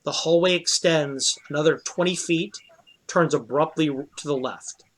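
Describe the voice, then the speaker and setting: Brief: male dungeon master, a bit higher voice, halting narration full of ums and uhs. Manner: loose, halting narration with many fillers. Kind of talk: narrating a tabletop game.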